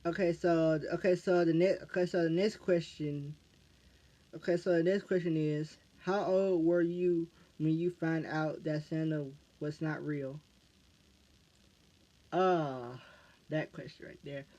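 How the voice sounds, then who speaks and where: Halting American guy, slightly high voice. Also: steady tone, warm tone. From United States. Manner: halting, restarts phrases over and over. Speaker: YouTuber answering fan questions. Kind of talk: casual Q&A vlog. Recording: dull lo-fi recording.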